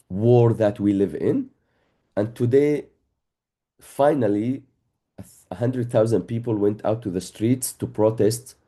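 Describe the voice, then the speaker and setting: A man's voice: on the low side, warm tone. A man from Israel, a native Arabic speaker in his thirties, tells humorous personal stories in a talk and acts out the dialogues. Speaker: educator and workshop facilitator.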